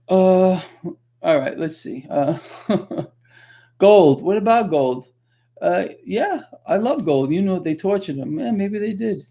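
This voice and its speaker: A man hosts a casual livestream from home. He rants with heavy sarcasm, sometimes breaking into loud outbursts before settling back down. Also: high voice. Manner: animated, sarcastic, ranting with sudden loud outbursts. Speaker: livestream host. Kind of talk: unscripted livestream rant.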